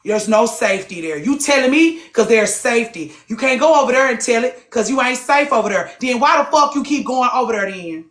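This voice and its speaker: Speaking a little fast with few pauses, a woman with a slightly high, expressive voice hosts a casual, heated live group talk. She's blunt and profane, firing off rhetorical questions to her listeners. The room sound is echoey.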